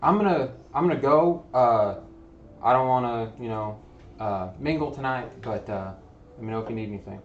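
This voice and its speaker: A skittish little halfling courier with a Southern drawl fumbles through apologies, as a man puts him on. The voice sits at a middle pitch. It comes through a roomy, slightly dull stream recording. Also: slight background noise, natural voice. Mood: nervous. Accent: Southern US, put on. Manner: rambling, apologetic, halting.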